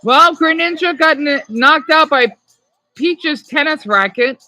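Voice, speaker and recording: A woman giving casual, rambling commentary while playing a video game, talking excitedly to her viewers. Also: sits high, takes it slowly. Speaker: gameplay commentator.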